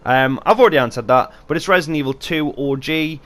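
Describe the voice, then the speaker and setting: A man's voice: on the high side, quick pace, a bit bright. A British man hosting a casual gaming Q and A vlog, talking off the cuff with a chatty, rambling manner. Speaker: YouTube channel host.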